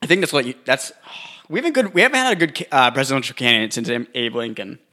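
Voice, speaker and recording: A man's voice: medium pitch, expressive, quick pace, bright, forceful tone. A man co-hosting a casual podcast, joking in a laid-back way and stumbling over his words. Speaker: podcast co-host.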